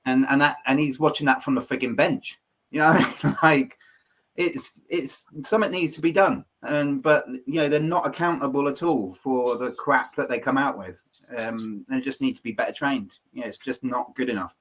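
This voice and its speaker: A man's voice: medium pitch, moderate pace, a bit bright. A man co-hosting a football chat, ranting with emphasis and swearing. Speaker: podcast co-host. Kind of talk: heated casual football chat.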